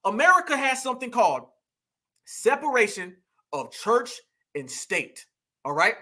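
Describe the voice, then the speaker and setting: In a heated political monologue, this man sounds preachy and emphatic, his voice strikingly high, bright and forceful. He drives his points home by repeating lines for effect. Again and again he calls out to his audience as "y'all."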